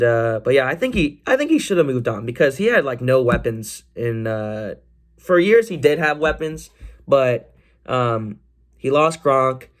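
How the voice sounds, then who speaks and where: A young man hosting a casual solo sports podcast, rambling and excitable, with many fillers and restarts. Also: mid-range voice. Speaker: podcast host.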